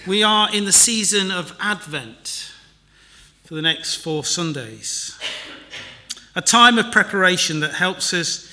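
A man's voice: high voice, big pitch swings, unhurried, pushed and bright. A man giving a chatty church sermon and notices, with wry, self-deprecating asides. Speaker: preacher.

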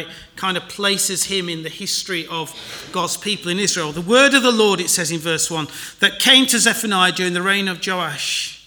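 A man's voice: sits high, bright, forceful tone. A man giving a chatty church sermon and notices, with wry, self-deprecating asides. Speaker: preacher.

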